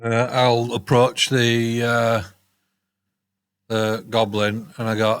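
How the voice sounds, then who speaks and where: A man, a player in a tabletop game, talking through plans casually and haltingly. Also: medium pitch, monotone, clean tone. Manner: casual, halting planning talk.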